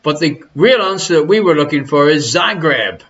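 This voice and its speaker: A man's voice: fairly high pitch, lively intonation, moderate pace, a bit bright, dull audio. An Irish man hosting a live quiz from his living room, reading questions and cracking teasing, crude jokes. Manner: jokey, teasing, crude asides. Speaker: quiz show host. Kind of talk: live-streamed pub quiz banter.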